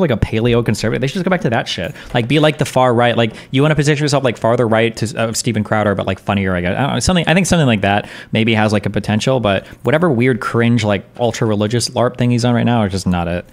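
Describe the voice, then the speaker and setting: A man commenting live on his stream in a blunt, mocking, profane way. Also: medium pitch. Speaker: streamer reacting to clips.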